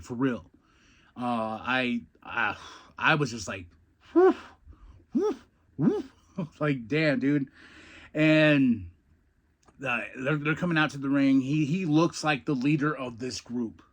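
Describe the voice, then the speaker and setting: A man's voice: a little high, fairly bright tone. A man hosting a podcast, telling old wrestling stories in a rambling way, repeating words and laughing often, then recapping a wrestling show. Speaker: podcast host, former wrestler. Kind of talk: casual storytelling and wrestling recap.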